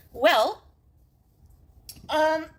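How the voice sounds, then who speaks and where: A woman chatting on her own livestream in a rambling, distracted, halting way. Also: sits high. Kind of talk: casual livestream chat.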